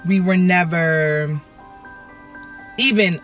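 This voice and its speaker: A woman's voice: lowish voice, very slow, soft background music. A young woman telling a casual storytime from inside her car, dramatic and sassy, talking straight to her viewers.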